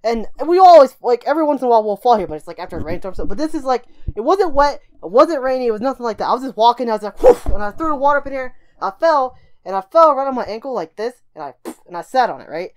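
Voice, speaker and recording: Fast-talking young woman rambling a story. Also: a little high, sing-song. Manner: rambling, fast, lots of "right?" and "like". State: recovering from a broken ankle, still in some pain. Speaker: vlogger. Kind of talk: casual story time.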